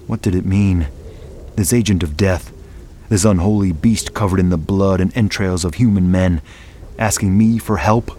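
A man reading a first-person horror story in a measured, grave way. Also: sits low, darkish tone, a little hiss or hum. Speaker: narrator.

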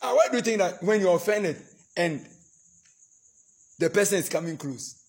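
Speaking at a normal speed in a high-pitched voice, this man preaches to a marriage seminar. He animatedly plays out couples' quarrels, then guides the congregation in prayer and prays in tongues.

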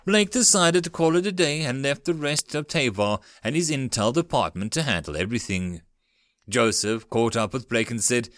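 A man narrating an audiobook of a web novel in an expressive reading voice. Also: mid-range voice, normal speed, no echo, clean studio sound.

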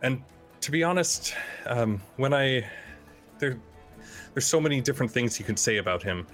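A man playing a tabletop game, giving an in-character eulogy in a halting, earnest way with many fillers. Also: mid-range voice, lively intonation, fairly bright tone, faint music behind. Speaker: player.

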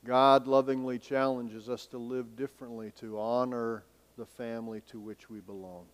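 A male pastor preaching a sermon in a church sanctuary. He asks rhetorical questions and swings between emphatic and hushed delivery. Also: mid-range voice, little pitch movement, moderate pace. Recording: long reverb of a large hall.

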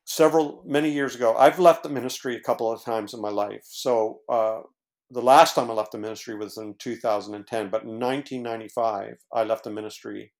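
A man's voice: mid-range voice, fairly even intonation, a little fast. A man, a former pastor, earnestly telling his own story as a podcast guest, with many fillers and restarts. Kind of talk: casual storytelling in conversation.

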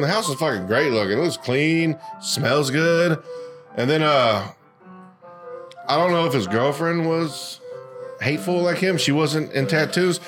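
A man co-hosting a podcast, telling crude work stories in a casual, profane way and acting out what people said. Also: a little high. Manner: profane, animated storyteller acting out quotes. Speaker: podcast co-host. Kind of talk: casual storytelling chat.

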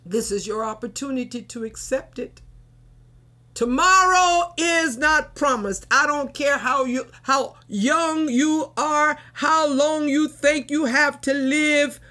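A woman delivers a sermon in a high, bright voice. She speaks very slowly and fervently, and her delivery swells with emotion. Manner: slow, fervent, emotional preaching with sung hymn lines. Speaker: preacher.

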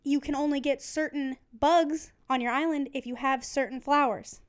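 A woman's voice: high voice, fairly even intonation, moderate pace. A young woman chatting casually as a podcast co-host, rambling and laughing often. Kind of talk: casual chat.

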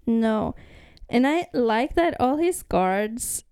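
Smooth-voiced woman, slightly high. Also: expressive, slow pace, darkish tone, no room sound, clean studio sound. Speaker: podcast co-host. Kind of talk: casual chat about a comic series.

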